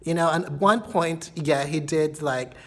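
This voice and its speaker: A vlogger telling a personal story in a casual confessional monologue, rambling with lots of fillers and repeated catchphrases, sometimes dropping into breathy near-whispers. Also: mid-range voice, measured pace. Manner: breathy, dreamy asides that drop to a whisper.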